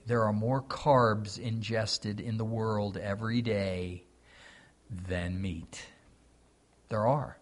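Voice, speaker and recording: With a medium-pitched voice, a man preaches, moving between loud, emphatic declaiming and quiet remarks. Scripture readings are mixed with folksy, conversational asides throughout.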